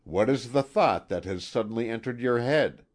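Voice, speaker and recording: A man's voice: mid-range voice, animated, moderate pace, voice pushed up, natural voice. A man voicing a serious, formal husband who speaks stiffly. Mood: fond. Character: grave, serious middle-aged husband.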